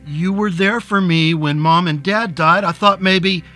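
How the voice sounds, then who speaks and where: A man's voice: high voice, a little slow, pushed and bright, faint music behind, voice pushed up. A man voicing a frightened, pregnant young woman who pleads tearfully in a story reading. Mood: pleading.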